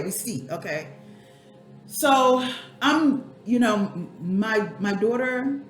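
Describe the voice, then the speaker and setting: Teary woman in an echoey room. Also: mid-range voice. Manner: candid, rambling, talks to herself by name. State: teary, eyes watering. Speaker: spiritual life coach and vlogger. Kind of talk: emotional personal vlog. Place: home room at a computer.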